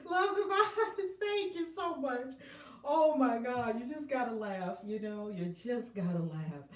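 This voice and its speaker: A woman hosting a tarot video, chatting casually to her viewers and often breaking into loud laughter. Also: mid-range voice, echoey room, recorded from a distance. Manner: animated, laughing loudly, exclaiming often. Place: room at home.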